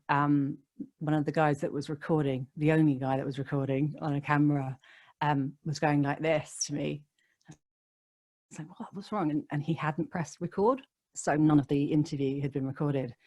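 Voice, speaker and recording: A woman, a radio DJ, chatting as a podcast guest and telling stories with frequent laughs. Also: low-pitched. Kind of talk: casual interview chat.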